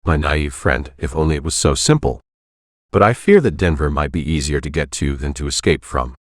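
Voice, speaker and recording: A man voicing a calm, knowing priest who speaks in measured, cryptic phrases in an audiobook. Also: very deep voice, no echo, studio quality.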